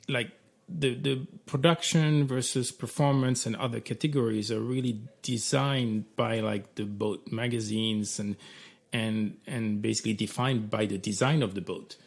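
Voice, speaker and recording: A man with a gravelly, fry-laden voice co-hosts a podcast. He talks casually and haltingly, often repeating words as he works through his thoughts. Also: lowish voice. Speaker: podcast co-host.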